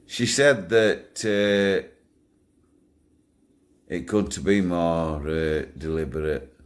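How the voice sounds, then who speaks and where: A man's voice: low-pitched, extremely slow. An older man, talking bluntly to his channel's viewers, swearing freely and chuckling through his stories. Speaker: channel owner. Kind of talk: casual rambling monologue to viewers.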